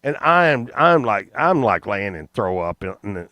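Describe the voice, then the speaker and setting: A man's voice: lowish voice, very animated, normal speed, hardly any pauses, bright, forceful tone, dry recording. A man telling a crude comic story in a rambling, profane, casual way, laughing along. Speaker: podcast host.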